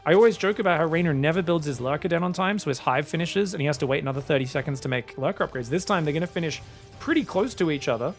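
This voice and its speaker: Man, esports caster, solo play-by-play, fairly high pitch, faint music underneath. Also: rapid-fire. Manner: excitable, chatty, often addresses viewers as guys. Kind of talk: solo game commentary.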